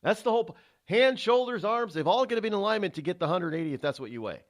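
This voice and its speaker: A man hosting a solo talk-radio show, his voice riding a little high for a man and swinging lively up and down. He rambles through the topic, stumbling over false starts and repeated words. Middle-aged and self-assured, he explains things at length. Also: fast. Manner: chatty, digressive, frequent restarts and repeated words.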